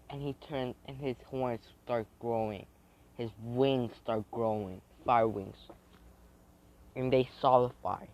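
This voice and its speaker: A man's voice: medium pitch, fairly even intonation, takes it slowly, darkish tone. A man telling an improvised fan story in a rambling, hesitant way, with many restarts, on a dull lo-fi recording.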